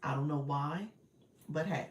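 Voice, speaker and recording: A woman's voice: low-pitched, unhurried, a little hiss or hum. A woman, coaching casually on a live stream, reading viewer comments, laughing often and calling her audience y'all. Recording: roomy echo, a bit far from the mic.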